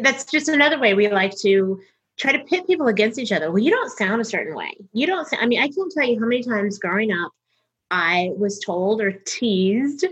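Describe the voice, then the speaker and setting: With a breathy, medium-pitched voice, this North Texas woman, a middle-aged comedian and voice actor, speaks openly in an interview. She's an animated storyteller who performs other people's lines. The highs are cut off in the recording.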